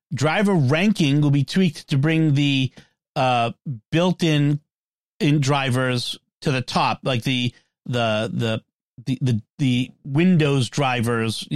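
A man's voice: fairly high pitch, no room sound, studio quality. Chatty man co-hosting a tech podcast. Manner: chatty, frequent restarts and fillers. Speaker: podcast co-host. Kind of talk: casual tech chat.

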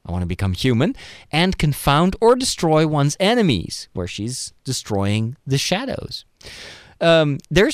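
Clean studio sound captures a man with a medium-pitched, somewhat dark voice, recorded dry. As a podcast host in a relaxed movie discussion, he thinks aloud with enthusiasm and keeps restarting his thoughts.

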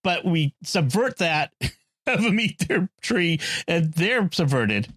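A man with a fairly high voice chatting casually on a podcast. He chuckles as he talks through a scene he liked. The recording is dry and close. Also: big pitch swings, takes it slowly, a bit bright, slightly rough, dry recording. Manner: chuckling, easygoing commentary. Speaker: podcast co-host. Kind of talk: casual chat.

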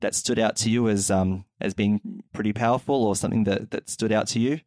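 A man's voice: fairly low pitch, fairly even intonation, brisk, darkish tone, dry recording, clean studio sound. A man hosting a casual chat podcast, chatty and full of fillers, retelling events. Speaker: podcast host.

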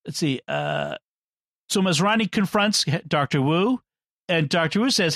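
A man's voice: sits high, animated, measured pace, a bit bright, dry recording, studio quality. A man in a casual film discussion, retelling the plot, acting out the characters' lines and laughing often. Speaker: podcast co-host.

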